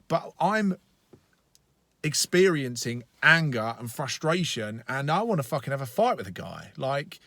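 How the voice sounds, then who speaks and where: A man's voice: a little high, fairly bright tone, no room sound. A male life coach giving a casual, blunt motivational training talk with plenty of profanity, speaking from inside a car.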